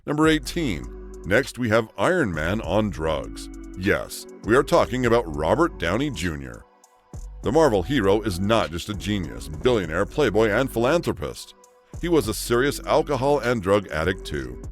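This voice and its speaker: A man's voice: on the low side, sing-song, normal speed, soft background music. A man narrating a scripted countdown of celebrity stories.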